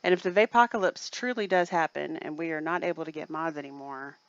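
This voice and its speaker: A woman's voice: deep voice, brisk, no room sound, highs cut off. A woman chatting casually on a livestream, rambling with lots of fillers. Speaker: livestream co-host.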